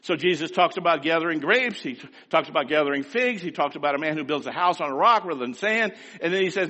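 A man preaching a sermon in a scratchy voice, swinging from quiet asides to loud, rising exhortation. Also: on the high side, lively intonation, quick pace, hardly any pauses, big-room sound.

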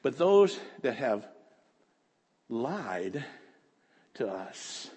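A man preaching a fervent sermon that swings from quiet talk to shouting. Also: medium pitch, big pitch swings, very slow, slightly rough. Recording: echoey hall.

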